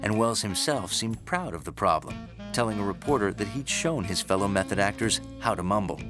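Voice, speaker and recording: A man narrating a film history documentary in a measured, scripted storytelling style. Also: on the low side, expressive, music in the background.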